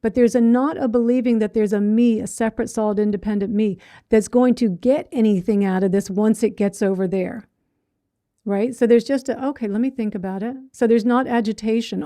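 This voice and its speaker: A middle-aged woman gives a dharma talk, teaching meditation in a conversational style at a normal pace. She often voices inner thoughts as if quoting them and checks in with listeners by asking "right?" Her fairly high, mellow voice is captured dry with studio quality.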